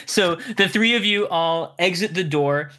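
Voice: mid-range voice, a little slow, pushed and bright. A game master narrating a tabletop role-playing game in a chatty, rambling way. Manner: chatty, laughs often, rambles.

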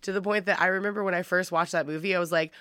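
A woman co-hosting a podcast, telling a story in a chatty, animated way and saying "like" a lot. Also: on the low side, rapid-fire, no room sound, clean studio sound. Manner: animated storytelling, heavy use of "like". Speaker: podcast co-host. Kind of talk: casual chat.

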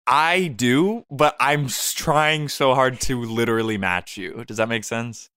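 Man, comedy podcast co-host; deadpan mock-romantic improv, clear bright tone. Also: mid-range voice, measured pace, no echo, studio quality.

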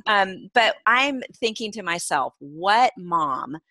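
A middle-aged woman hosting a podcast in casual chat, talking warmly with frequent ums and laughs. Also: mid-range voice, animated, takes it slowly, no room sound. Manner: warm, chatty, laughs often, many ums. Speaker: podcast host.

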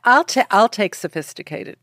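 A woman's voice: medium pitch, animated, moderate pace, fairly bright tone, dry recording, clean studio sound. A woman in her seventies from the Buffalo area, talking with refined, trained theatrical diction and laughing easily as an interview guest. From Buffalo area, New York. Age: 70s. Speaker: actress guest. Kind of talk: interview conversation.

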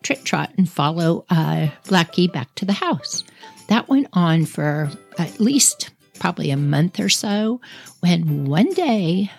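Gravelly woman telling a chatty story. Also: on the low side. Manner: animated, chatty. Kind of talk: casual storytelling.

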